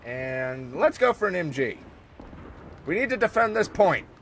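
An American man giving casual joking commentary over a war strategy game, talking to his soldiers and sometimes yelling at them. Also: sits high, big pitch swings, measured pace, a little hiss or hum. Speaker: gameplay commentator. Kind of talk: casual let's-play commentary.

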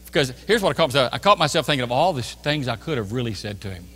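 A man's voice: medium pitch, sing-song, rapid-fire, bright, forceful tone. A man preaching a sermon as a pastor, telling a story animatedly and acting out both sides of a store exchange. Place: church sanctuary. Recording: church hall reverb.

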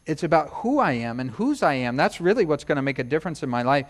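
High-voiced animated preaching man. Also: fast. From United States. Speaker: pastor. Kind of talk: sermon.

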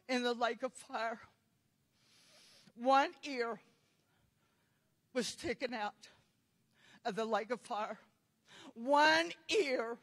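A woman preaching a fervent testimony, crying and shouting her words, breaking into laughter between phrases. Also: sits high. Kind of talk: emotional sermon testimony. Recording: long hall reverb.

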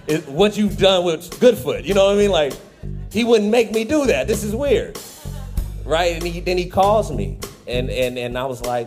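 A man, a comedian, telling a rambling comic story with lots of asides and animated outbursts. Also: high voice, moderate pace, music in the background. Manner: animated, rambling with frequent "you know" and "right?" asides.

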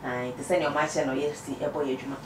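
Ghanaian woman interviewer, lowish voice, brisk, distant mic, echo. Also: fairly even intonation. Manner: brisk prompts and short acknowledgements. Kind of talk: casual street interview. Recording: echoey, distant mic, faint noise.

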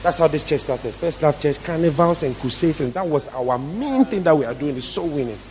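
A man's voice: fairly high pitch, animated, a little fast, a little mellow, poor audio. Man, pastor, emphatic sermon, repeats key lines, music underneath.

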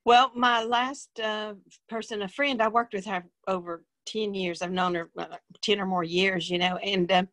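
A woman's voice: medium pitch, steady tone, normal speed, fairly bright tone, no echo. A woman guest in a casual interview, telling a story in a plain, rambling way with many fillers.

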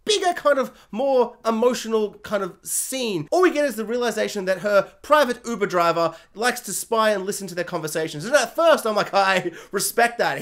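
A man's voice: sits high, a bit bright. A man giving a casual, rambling TV review, joking and correcting himself as he goes. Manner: rambling, jokey, self-correcting, puts on silly voices for characters. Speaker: show reviewer.

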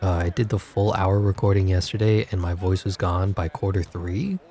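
A man giving jokey, excitable play-by-play over a video game, his voice congested and wearing out, breaking into sudden yells. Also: sits low, moderate pace. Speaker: gaming commentator. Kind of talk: live game commentary.

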